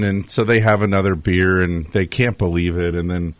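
A man's voice: deep voice, steady tone, normal speed. A man hosting a talk show in casual chat, a jokey storyteller who chuckles often. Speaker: show host.

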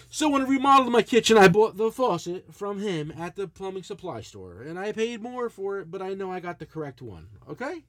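A man's voice: high voice, fairly quick, few pauses, no room sound. A middle-aged man, telling a profane, blunt story in casual chat as a podcast co-host. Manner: animated, swearing, blunt ranting.

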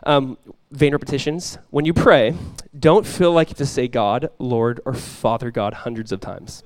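A man's voice: medium pitch, fairly even intonation, normal speed, dry recording. A young adult male pastor giving a conversational sermon, joking and acting out little quotes.

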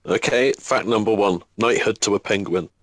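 Male podcast co-host, lowish voice, dry close sound, crude joker. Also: normal speed, no room sound. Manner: crude, swearing, joking banter. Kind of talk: casual podcast chat.

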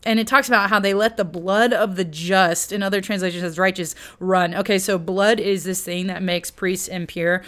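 A woman teaching the Bible in a casual, conversational way, with slangy asides and lively retellings. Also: on the low side.

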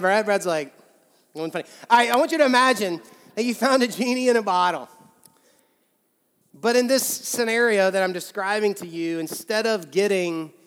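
A man's voice: high-pitched, clear, resonant tone, big-room sound. A man, a pastor delivering a sermon in a large church, speaking in a humorous, conversational way and repeating phrases for emphasis.

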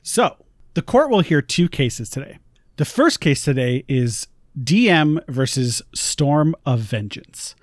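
Podcast co-host, woman, lively upbeat delivery with lots of laughs, dry close-miked sound. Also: sits low, slow pace, no room sound. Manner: giggly, animated, upbeat. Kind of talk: casual podcast chat.

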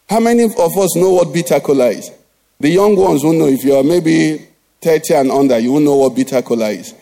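A middle-aged pastor preaches a sermon in church in a fairly high, creaky yet mellow voice at a brisk pace. He keeps asking the congregation "what?" so they'll finish his lines, call-and-response style.

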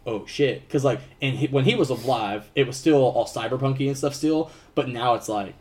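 A man's voice: mid-range voice, fairly quick, a little mellow. Rambling young man swearing in casual chat. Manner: rambling, swears freely, acts out quotes. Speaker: podcast co-host.

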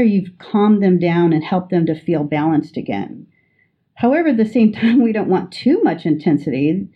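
A woman educator giving a measured, patient teaching talk, explaining with everyday examples. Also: mid-range voice, slightly rough, highs cut off. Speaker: educator guest.

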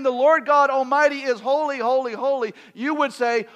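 A man with a notably high voice preaches a sermon. He builds to loud, ringing emphasis, then lets phrases sink to a near-whisper, slowing down on repeated words. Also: fairly even intonation. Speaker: pastor.

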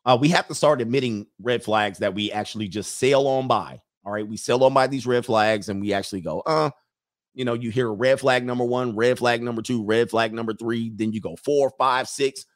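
A man's voice: medium pitch, normal speed. A man in the middle of his voice range talks through a casual livestream. He reads viewer comments aloud and rambles between them, chuckling to himself and searching for the point he was making. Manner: rambling, chuckling, loses his train of thought.

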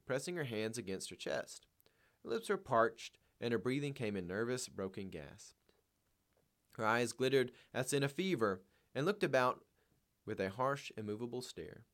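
Male reader-commentator, earnest and emphatic, lively intonation. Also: medium pitch. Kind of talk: reading a novel aloud with commentary.

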